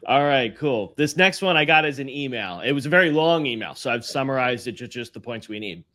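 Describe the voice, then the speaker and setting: A man's voice: mid-range voice, animated, fairly quick, bright, forceful tone. A man co-hosting a podcast in casual chat, agreeable and easygoing, dropping many fillers. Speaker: podcast co-host.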